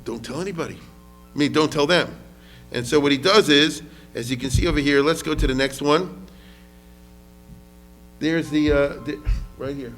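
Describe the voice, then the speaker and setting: A man's voice: on the high side, moderate pace, pauses often, fairly bright tone, faint music behind. A man lecturing on history as a rabbi, talking casually, often asking the audience questions and mixing in Hebrew words.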